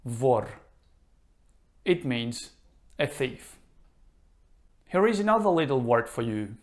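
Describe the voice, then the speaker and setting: A man teaching a reading lesson, pronouncing each word slowly and leaving gaps for the listener to repeat. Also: mid-range voice, very animated. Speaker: Russian language teacher. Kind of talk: slow, careful language lesson.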